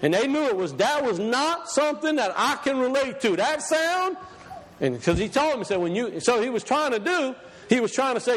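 A man preaching a sermon, emphatic, reading scripture slowly and deliberately. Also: very high-pitched, big pitch swings, long reverb tail.

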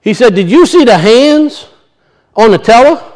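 A man with a high, light voice preaches in a church. He tells a folksy story in an easy, homespun way and chuckles often as he talks. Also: expressive, moderate pace, a little mellow. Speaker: pastor. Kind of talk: sermon.

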